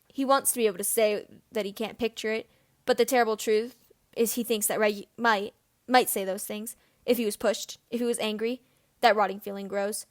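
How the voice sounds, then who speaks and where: A woman reading fan fiction aloud as narrator, in steady storytelling narration. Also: medium pitch, normal speed. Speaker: reader.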